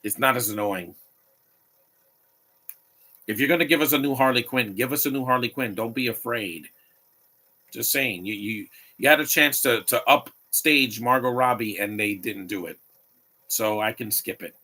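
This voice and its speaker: A man's voice: medium pitch, normal speed, pauses often, sharp tone. A man giving live watch-along commentary on a movie, opinionated and rambling, often restarting his sentences.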